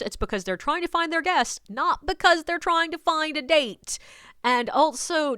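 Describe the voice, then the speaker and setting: A woman's voice: fairly high pitch, fairly bright tone, clear, resonant tone, no room sound, clean studio sound. A woman, a ghost tour guide, telling a personal story in a casual, wry way and acting out her own replies. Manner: conversational, wry, quotes herself.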